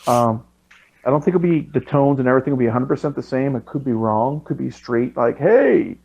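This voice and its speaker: A man co-hosting a podcast in casual chat, joking and halting with fillers. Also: medium pitch, a little mellow. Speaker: podcast co-host. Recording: dull lo-fi mic.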